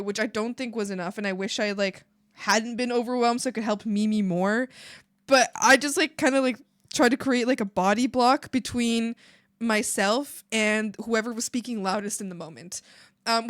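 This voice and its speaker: A woman streamer chatting casually while she draws, animated and swearing freely, breaking into laughs and shouts. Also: on the high side, dry recording, clean studio sound.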